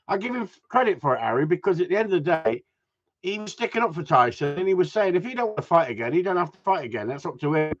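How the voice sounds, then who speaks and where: A man's voice: on the high side, very animated, quick pace. A middle-aged man hosting a live stream, chatting casually with viewers, swearing a lot and laughing often. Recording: dull lo-fi sound.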